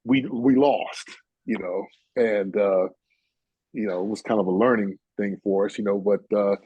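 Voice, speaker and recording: A man's voice: on the low side, fairly even intonation, moderate pace, husky, dry recording, muffled recording. A man in his sixties from New York, a guest telling rambling stories full of "you know" and "uh". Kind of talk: casual storytelling chat.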